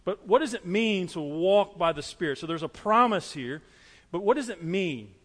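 A man's voice: high voice, lively intonation, normal speed, a bit bright, big-room sound. A man preaching a sermon as pastor, earnest and repetitive, driving his points home with everyday illustrations.

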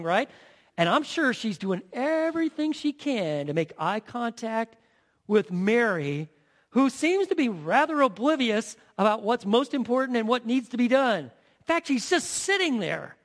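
Animated high-voiced male preacher. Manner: dramatic storytelling, swings from loud to hushed; asks the audience rhetorical questions. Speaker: pastor. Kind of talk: sermon.

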